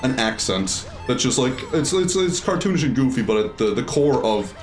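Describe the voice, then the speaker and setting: A man's voice: medium pitch, big pitch swings, moderate pace, soft background music. A man chatting casually while playing a video game, thinking aloud with many fillers. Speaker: let's play streamer. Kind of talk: casual gameplay chat.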